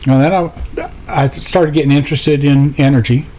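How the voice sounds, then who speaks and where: A man's voice: fairly high pitch, steady tone, moderate pace, mellow. A man chatting as a studio guest on a couch, an easygoing storyteller who jokes around. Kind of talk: casual chat.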